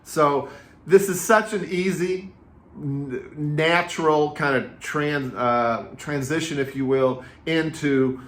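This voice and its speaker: A man in his fifties, a real estate agent and coach, giving casual advice straight to camera and telling stories in a lively, repetitive way. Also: on the high side, takes it slowly, slight background noise. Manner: energetic, chatty storyteller with repetitive phrasing. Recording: roomy echo.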